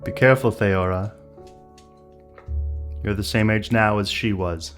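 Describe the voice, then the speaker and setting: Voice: low voice, fairly even intonation, unhurried. A game master voicing a guarded, cryptic woman who is the hero's twin sister, speaking tersely and ominously, with faint music behind. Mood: warning.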